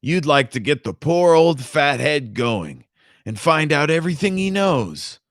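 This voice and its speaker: A man's voice: fairly high pitch, very animated, measured pace, a bit bright, dry recording, studio quality, voice pushed up, exaggerated voice. A man reading aloud, voicing a crude, swaggering male official who boasts and leers. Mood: boastful. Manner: brash, leering, boastful. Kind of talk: audiobook reading with character voices.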